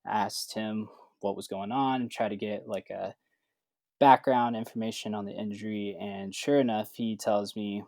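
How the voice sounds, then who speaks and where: Man, low voice, dry close sound, casual storyteller, lots of "like" and "you know". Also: normal speed, gravelly, dry recording. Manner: relaxed, acts out quoted dialogue with lots of fillers. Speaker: certified athletic trainer.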